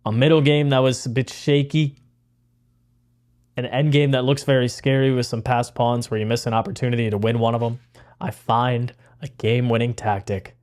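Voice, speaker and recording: A young man giving casual, rambling commentary on his own chess game, excitable and full of fillers. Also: medium pitch. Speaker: chess content creator.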